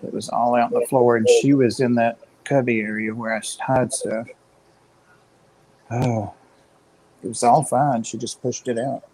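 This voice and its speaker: A man's voice: medium pitch, fairly even intonation, moderate pace, long pauses, darkish tone, slight background noise, rough recording. A man co-hosting a livestream, chatting casually with dry, wry remarks. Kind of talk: casual chat.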